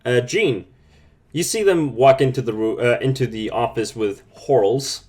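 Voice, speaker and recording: A man's voice: medium pitch, normal speed, darkish tone. Chatty male game master. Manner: loose, chatty narration with many fillers. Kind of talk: narrating a tabletop role-playing game over a call. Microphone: remote call mic.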